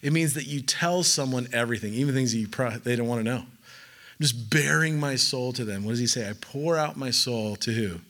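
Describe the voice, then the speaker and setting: A man's voice: mid-range voice, brisk, a bit bright. A man preaching a sermon in a casual, conversational way, with joking asides and acted-out quoted voices. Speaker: pastor.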